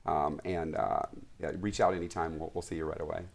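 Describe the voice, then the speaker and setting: A man's voice: low voice, level tone, fairly quick, gravelly. A man, a physician guest on a morning show, speaking earnestly and steadily with some fillers. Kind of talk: interview.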